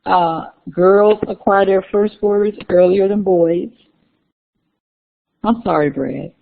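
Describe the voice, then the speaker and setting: A woman giving a classroom lecture, unhurried, repeating key terms and adding chatty asides to her students. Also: mid-range voice, gravelly. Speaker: university lecturer. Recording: tinny lo-fi lecture recording.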